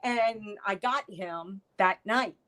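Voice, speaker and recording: Guest, middle-aged woman, unhurried delivery, animated storyteller. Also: mid-range voice, low-quality recording. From United States. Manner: animated storyteller, acts out quoted lines. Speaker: podcast guest, artist. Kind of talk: storytelling interview chat.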